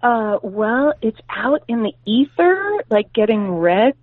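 A woman comedian in a casual podcast chat, telling stories in a profane, animated way. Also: fairly high pitch, slow. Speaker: comedian guest. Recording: tinny phone-like, dry sound.

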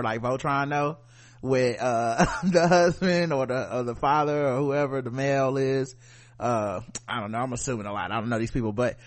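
A man giving casual, joking reaction commentary in blunt slang. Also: medium pitch.

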